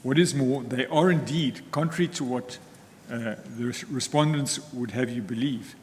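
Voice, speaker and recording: A man arguing a case in court, formal and measured, with some restarts. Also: medium pitch, darkish tone, slight background noise. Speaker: advocate in court. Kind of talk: legal argument in court. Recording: long reverb of a hall, faint ambience.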